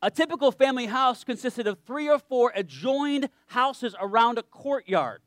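A man's voice: very high voice, animated, normal speed, a bit bright, no echo, clean studio sound. A man preaching a sermon in a conversational, joking way, often checking in with his listeners.

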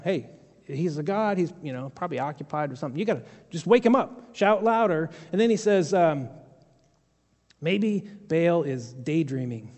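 Man pastor, chatty joking sermon, higher voice, long hall reverb. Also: darkish tone. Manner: conversational storytelling with humorous asides.

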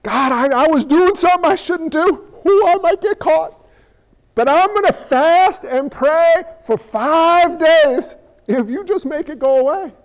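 A fretful churchgoer begs God for a favor and promises to fast in return, in a strained, squeaky, overwrought voice, as a preacher acts him out mid-sermon. The pleading is mock-pious and thin, pitched well above a normal man's voice and pushed toward a whine. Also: lively intonation, in a large hall, low-quality recording. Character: anxious churchgoer bargaining with God in prayer.

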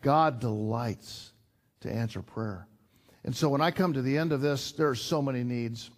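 A man's voice: mid-range voice, a little fast. Earnest conversational older male preacher. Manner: conversational, earnest, with repetitions and sudden emphatic rises. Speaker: pastor. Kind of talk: sermon.

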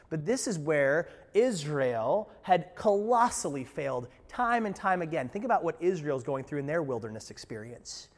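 Animated preacher in a reverberant hall. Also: male voice, a little high. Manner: animated, rising loud for quotes and emphasis; asides to the congregation, joking. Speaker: pastor. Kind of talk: sermon.

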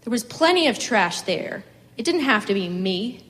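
A woman voicing a furious middle-aged farm wife who rails and shouts at heaven in a reading of a story. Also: a little high, very animated, moderate pace, big-room sound. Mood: indignant. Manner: fierce, indignant, shouting.

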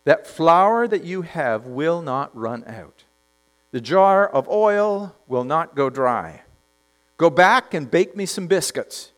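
Brief: questioning male prophet, put on by a preacher, pleading, lively pitch. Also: takes it slowly. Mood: confident.

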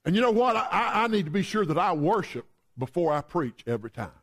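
A man's voice: sits high, sing-song, quick pace, a bit bright. A man preaching a sermon in a conversational way, telling humorous stories.

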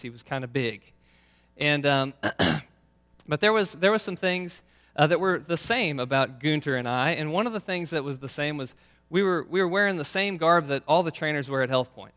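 Bright, crisp male preacher in a hall. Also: a little high. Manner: casual, conversational storytelling. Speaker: pastor. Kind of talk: sermon with personal story. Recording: long reverb of a large hall.

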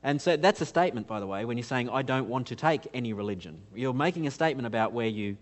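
An earnest male conference speaker with an accent that is not American. He works through his points with rhetorical questions, frequent "uh"s and restarts, at a mid-range pitch. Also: lively intonation, fast. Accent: foreign to America. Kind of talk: live conference teaching talk.

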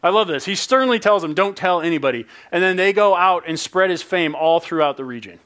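A man's voice: high-pitched, a little fast, fairly bright tone, clear, resonant tone. A male pastor preaching a sermon in a playful, joking, conversational way.

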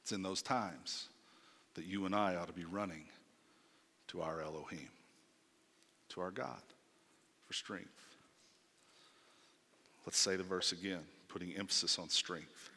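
A man preaching a sermon, emphatic, swinging from loud declarations to hushed asides and asking rhetorical questions. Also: sits low, steady tone, unhurried, pauses often, big-room sound.

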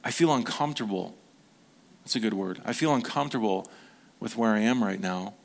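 A middle-aged pastor preaches an informal sermon to his congregation, speaking conversationally and acting out short quotes while often restarting sentences. His voice is lowish, gravelly, and a bit fast.

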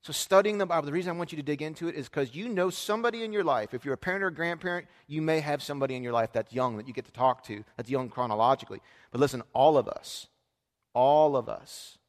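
A man in his thirties preaching a sermon, telling a family story in a conversational way that swings from hushed asides to loud emphasis. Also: fairly high pitch. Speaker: pastor. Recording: long hall reverb.

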